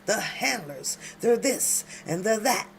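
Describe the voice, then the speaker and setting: A woman's voice: mid-range voice, lively intonation, slow, creaky, a little hiss or hum. A woman hosting late-night commentary at home, reading documents aloud and breaking off into emphatic, slangy remarks to her viewers. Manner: talks to viewers directly, loud emphatic outbursts, slangy. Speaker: commentary channel host.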